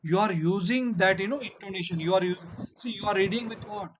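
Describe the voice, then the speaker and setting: Male teacher, high voice, encouraging and firm, classroom delivery. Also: fast talker, background noise. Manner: encouraging, repeats praise and "you know"; firm about turn-taking. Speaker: English teacher. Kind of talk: online classroom lesson.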